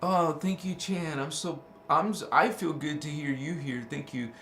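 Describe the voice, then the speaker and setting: A man's voice: on the high side, normal speed, a bit bright, slight background noise. A man hosting a casual spiritual livestream, talking emphatically, calling listeners honey and baby, laughing often and reading out chat. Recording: roomy echo.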